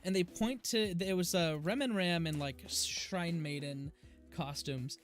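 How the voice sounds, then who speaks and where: A man's voice: fairly high pitch, a little slow. A man chatting casually with viewers while he streams a game, rambling from one topic to the next and laughing easily. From United States. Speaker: gaming streamer. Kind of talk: casual live-stream chat while playing. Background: faint game music.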